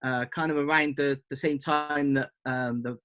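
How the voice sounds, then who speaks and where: A man in his fifties from Bristol, an interview guest who talks in an easygoing, thoughtful way with many pauses and "um"s. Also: mid-range voice, fairly even intonation, fairly bright tone. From Bristol, England. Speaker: interview guest, hip hop artist. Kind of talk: casual interview chat.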